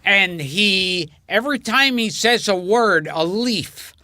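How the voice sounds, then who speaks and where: High, bright-voiced man, speaking slowly. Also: animated, dry recording. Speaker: podcast host. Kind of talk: casual chat.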